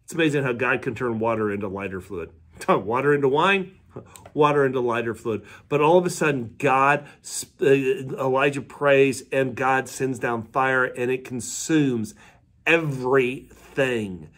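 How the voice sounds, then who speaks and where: A man's voice: medium pitch, unhurried, fairly bright tone. A man, a pastor, giving a midweek devotional sermon in a conversational storytelling way and asking his listeners questions.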